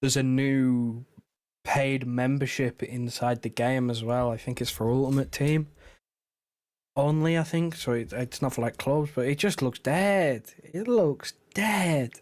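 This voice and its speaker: A man's voice: mid-range voice, a little slow, darkish tone, no room sound. A man co-hosting a late-night livestream with dry, sweary banter. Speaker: co-host.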